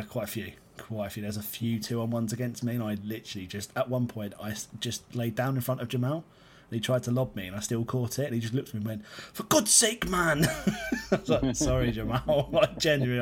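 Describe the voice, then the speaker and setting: A podcast co-host with an average-pitched voice delivers dry, deadpan jokes. He sounds a little tired. A faint hiss sits under his voice. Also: fast talker. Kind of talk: casual banter.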